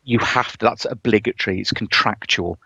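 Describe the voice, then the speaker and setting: A man's voice: fairly low pitch, brisk, vocal fry, pushed and bright, husky, no room sound. A man, co-hosting a podcast, telling a story enthusiastically with lots of "um" and "you know". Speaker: podcast co-host. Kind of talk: casual chat. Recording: dull, lo-fi podcast audio.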